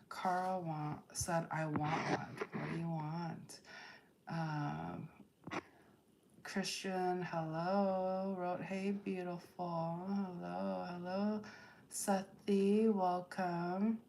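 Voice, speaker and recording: A woman's voice: on the low side, gravelly, darkish tone, slight background noise. A woman hosting a tarot livestream, reading viewer comments aloud and firmly setting chat rules. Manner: slow and deliberate, firm about chat rules.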